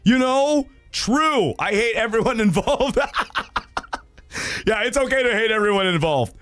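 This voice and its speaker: A man hosting a casual livestream, reading viewer stories in an animated, profane way with loud laughter. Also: high-pitched, measured pace, dry recording, faint music behind. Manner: animated and profane, laughing loudly, acting out quoted voices.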